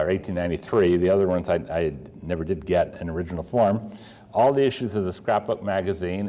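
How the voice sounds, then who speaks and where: An older man from Pennsylvania with a low, mellow voice works as a coin dealer and tells rambling stories. His storytelling is full of fillers and restarts.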